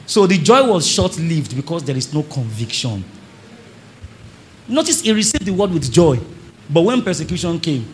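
Animated man preaching. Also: on the high side, normal speed, a little hiss or hum. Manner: animated preaching, acts out congregants, calls on the audience. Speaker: pastor. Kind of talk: sermon. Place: church service before a congregation.

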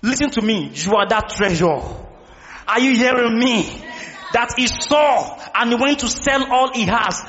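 A male pastor, preaching an impassioned sermon and often shouting to the congregation. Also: very high-pitched, animated, normal speed, hardly any pauses, in a large hall, dull audio, a little hiss or hum.

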